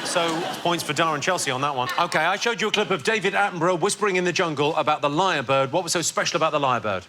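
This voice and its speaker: A man's voice: a little high, rapid-fire, noisy background. Dry teasing male quiz host. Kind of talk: panel quiz hosting. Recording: studio with loud audience.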